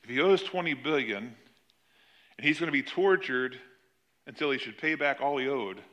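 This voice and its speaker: A man preaching a sermon, retelling a parable with animated emphasis. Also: medium pitch, moderate pace. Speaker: pastor.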